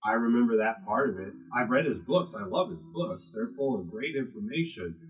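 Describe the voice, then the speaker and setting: A man's voice: medium pitch, animated, fairly quick, poor audio. A man teaching a class to a live audience, talking with strongly varied emphasis and casual asides.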